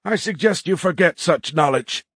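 A man voicing an arrogant young male cadet leading a mutiny, sneering and shouting his lines in an audiobook. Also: a little high, expressive, no echo, studio quality, voice pushed up. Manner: shouting, sneering, drawn-out words.

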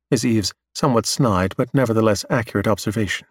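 A man reading a story aloud in steady, measured scripted narration. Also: fairly low pitch, no room sound, clean studio sound.

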